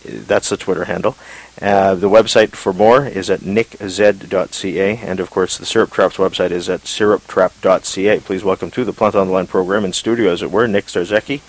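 A man hosting a radio interview, halting and hesitant, with frequent fillers and restarts. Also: sits low, steady tone, low-quality recording. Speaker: radio talk show host.

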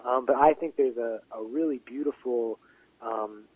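A man's voice: mid-range voice, moderate pace, husky, dry recording. Man on a tinny, dry phone line. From Western Pennsylvania. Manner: hesitant, many fillers and restarts. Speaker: playwright and actor, interview guest. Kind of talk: casual interview talk.

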